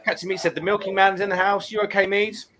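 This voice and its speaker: A man's voice: sits high, flat delivery, fast talker, sharp tone, a little hiss or hum. A middle-aged man hosting a casual live stream, reading viewer comments aloud and chatting back about them. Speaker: livestream host.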